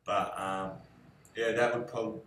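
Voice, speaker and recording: A young man answering questions about his fiancée in a relaxed, rambling way, with many fillers. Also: lowish voice, slow pace, slight background noise. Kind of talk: casual video answers. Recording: echoey room.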